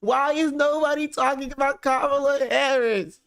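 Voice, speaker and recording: A man's voice: extremely high pitch, steady tone, moderate pace, vocal fry, fairly bright tone, voice pushed up, full character voice. A man voicing a whiny, sulking male partisan in a mocking, nasal whine. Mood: whiny mockery.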